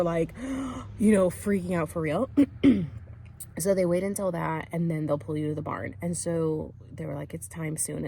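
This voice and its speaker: A woman's voice: lowish voice, darkish tone. A woman telling a personal story to her camera, chatty and loose, full of fillers, acting out what others said. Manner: chatty, full of "like" and "um", acts out quotes. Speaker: vlogger. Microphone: camera mic while filming herself.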